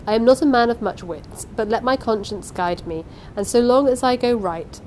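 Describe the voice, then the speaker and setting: A woman's voice: fairly high pitch, moderate pace, a little mellow, slight background noise, pitched above the performer's own voice, close to an everyday voice. A woman reading aloud and voicing a small, polite older foreign man who answers with dignified courtesy. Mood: polite firm. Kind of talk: audiobook reading.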